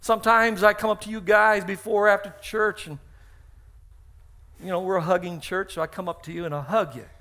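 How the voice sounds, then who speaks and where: A middle-aged male pastor preaches a sermon in his church sanctuary through a stage microphone. His voice sits high for a man, with a bright, ringing edge. He acts out the dialogue in his stories and hammers home key phrases by repeating them. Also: steady tone, brisk. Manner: storytelling with acted-out dialogue.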